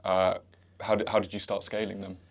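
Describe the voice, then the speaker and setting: A man hosting an interview, asking relaxed questions with a few hesitations. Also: low-pitched, brisk, creaky, no room sound. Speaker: interviewer host.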